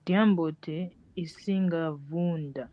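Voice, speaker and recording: Slow, deliberate male student, muffled audio. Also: on the high side, fairly even intonation. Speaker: language student. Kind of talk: practicing phrases in class. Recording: dull lo-fi audio.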